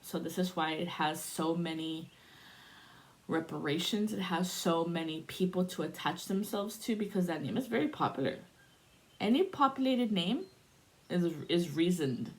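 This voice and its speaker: A woman in her forties from the United States, telling stories in a casual, profane, animated monologue as a spiritual vlogger. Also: lowish voice, normal speed. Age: 40s. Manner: profane, animated storytelling with laughs.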